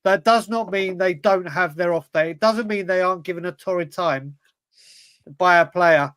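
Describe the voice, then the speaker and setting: A man with a high voice co-hosts a football fan show, reading viewer questions aloud. He talks in an earnest, chatty way, and the recording is dry and close. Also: normal speed, fairly bright tone, clean tone, no room sound. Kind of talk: casual football chat.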